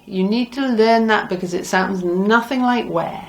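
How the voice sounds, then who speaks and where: A woman's voice: medium pitch, measured pace. A middle-aged woman teaching a language lesson, patiently repeating words for learners. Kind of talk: slow, deliberate Spanish lesson.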